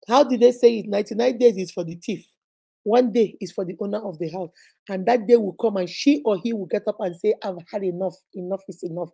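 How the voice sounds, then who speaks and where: Nigerian woman, advice host, mellow higher voice, preachy, speaks straight to viewers. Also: gravelly, husky. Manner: emphatic, preachy, addresses viewers directly. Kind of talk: livestream advice talk.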